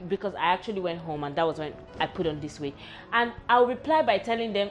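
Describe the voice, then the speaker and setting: A woman's voice: fairly low pitch, fast, soft background music. A young woman, hosting a candid personal vlog in a frank, wry, self-mocking way. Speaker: vlog host.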